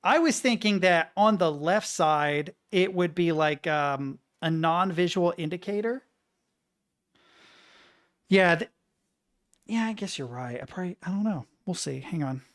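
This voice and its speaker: A woman streamer chatting casually to her viewers, swearing and excitable, muttering between outbursts. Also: lowish voice, a little slow, pauses often. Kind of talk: casual live-stream chat.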